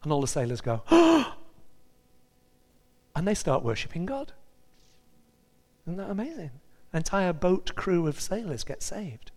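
A man preaching a sermon, telling a story in an animated way and acting out the characters' voices. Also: fairly high pitch, normal speed, big-room sound.

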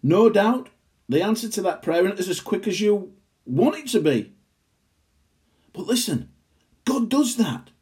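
An earnest man delivering a sermon, his voice pitched fairly high yet mellow and dark in tone. He talks emphatically and slows right down to lean on key phrases. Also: lively intonation. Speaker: preacher.

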